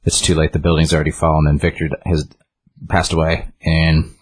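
A man's voice: very deep voice, flat delivery, a little fast, slightly rough. A man casually retelling a book's story in a rambling way, with many restarts and fillers. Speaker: book reviewer.

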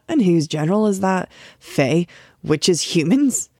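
A woman's voice: lowish voice, sing-song, unhurried, a little mellow, dry recording, studio quality, heavily acted. A woman reading the part of a bitter, scornful young village man. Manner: bitter, mocking.

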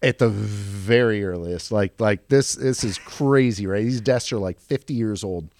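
A man in his forties with a gravelly, creaky mid-range voice tells a story on a podcast. He talks in bursts, restarts his sentences often, and jumps higher when he quotes other people. The sound is close and dry. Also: measured pace, a little mellow, dry recording. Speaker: car dealership guest.

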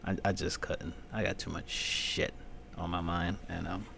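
A man with a fairly low voice hosts his own podcast, talking in a loose, rambling, profane style. He drifts between low mutters and sudden loud, high-pitched rants. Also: flat delivery, unhurried, vocal fry, slight background noise. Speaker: podcast host. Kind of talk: solo podcast rant.

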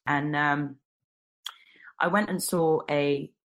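A woman's voice: low voice, fairly even intonation, takes it slowly, rough recording. A woman earnestly telling a personal story in conversation, candid and sometimes restarting her sentences.

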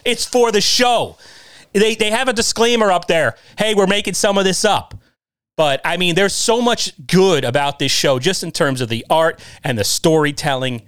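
A man on a casual chat show, ranting with emphasis and calling out to the audience. His voice sits a little higher than most men's, and the recording is dry and close with no room sound. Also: moderate pace, fairly bright tone, clear, resonant tone, no room sound. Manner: emphatic, ranting, talks straight at listeners.

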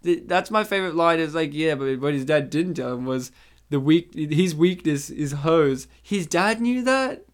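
A young man co-hosting a casual movie commentary, joking and bantering quickly with friends. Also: on the high side, lively intonation. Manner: jokey, quick banter with silly quoted voices. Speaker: podcast co-host.

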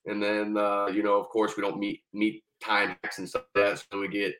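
A man's voice: fairly low pitch, normal speed, noisy background. A young man, a former Marine guest on a podcast, telling his story casually and profanely, acting out the people he quotes. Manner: profane, animated, acts out quoted dialogue.

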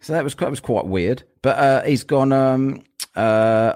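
A man's voice: medium pitch, unhurried, darkish tone. Rambling, jokey man hosting a podcast. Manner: rambling and jokey, with frequent fillers. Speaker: podcast host. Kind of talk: casual podcast chat.

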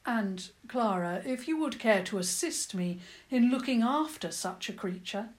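A woman voicing a kind Tudor priest who speaks gravely and gently, in a children's storybook reading. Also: fairly high pitch, animated, measured pace. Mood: gentle.

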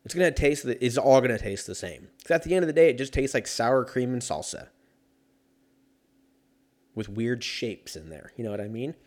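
A man's voice: medium pitch, lively intonation, moderate pace. A man talking casually on his own, rambling and joking with plenty of swearing. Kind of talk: casual solo chat.

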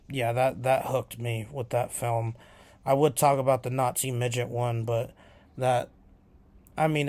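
A man's voice: mid-range voice, darkish tone. A man hosting his own podcast, rambling casually with many fillers. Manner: rambling, lots of filler ums. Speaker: podcast host.

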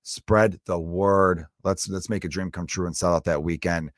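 A man hosting his own comedy podcast, rambling and joking through a solo monologue with animated asides. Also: low-pitched, normal speed, no echo, studio quality.

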